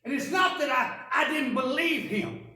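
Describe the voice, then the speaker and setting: A woman preaching a first-person dramatic sermon, telling the story in an animated, wry way. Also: sits high, a little slow. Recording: echoey church from a distance.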